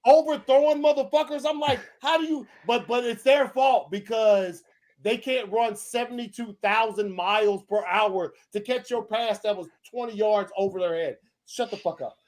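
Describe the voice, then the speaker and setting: Heated and profane, a sports podcast co-host rants casually, tripping over his words and restarting many times. He has a high, slightly mellow voice and keeps a moderate pace.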